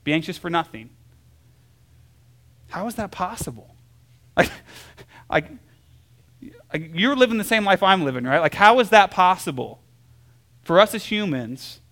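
A young adult man preaching a casual sermon, conversational and full of fillers and check-ins with the listeners, telling stories with lively swings between soft and loud. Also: sits high, measured pace, long pauses. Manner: conversational, lots of filler "like" and "right?". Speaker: pastor.

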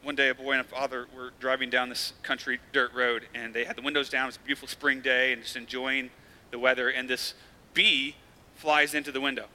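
A man's voice: mid-range voice, level tone, a little fast, pushed and bright. A male pastor giving a sermon in a church, speaking earnestly and conversationally, with rising emphasis.

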